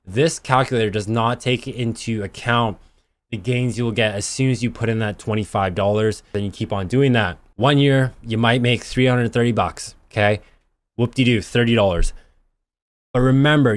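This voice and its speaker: Low-voiced man casually explaining investing. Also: a little fast, no echo. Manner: chatty, plainspoken, corrects himself mid-sentence. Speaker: investing channel host. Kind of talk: casual screen-share explainer.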